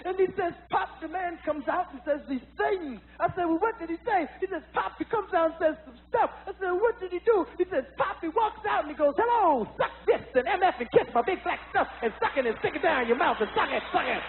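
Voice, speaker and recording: Man doing a high, drawn-out moralizing older comedian; lo-fi film audio. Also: animated. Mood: prim scolding. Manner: slow, drawn-out, scolding lecture. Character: fussy older male comedian, prim and preachy. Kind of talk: stand-up impression. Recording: tinny lo-fi film audio with faint hiss.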